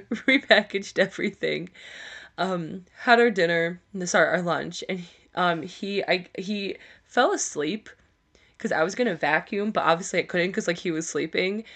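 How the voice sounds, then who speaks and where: A woman's voice: lowish voice, moderate pace, a bit bright. Podcast co-host, woman, candid and foul-mouthed storyteller, casual delivery. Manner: candid, swears freely, laughs through her story.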